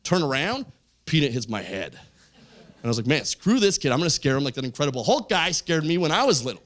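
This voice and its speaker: A man doing stand-up storytelling on a comedy stage, acting out the voices in his stories loudly. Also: fairly high pitch, fairly quick. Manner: animated, acts out quoted voices loudly. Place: comedy stage with a live audience. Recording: live club show, faint crowd noise.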